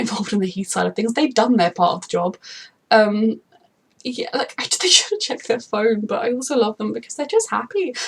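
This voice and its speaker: A woman's voice: fairly high pitch, slightly rough. A young adult woman vlogging a reaction to a TV episode, rambling in an emphatic, gushing, casual way about characters she loves. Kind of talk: casual unscripted commentary.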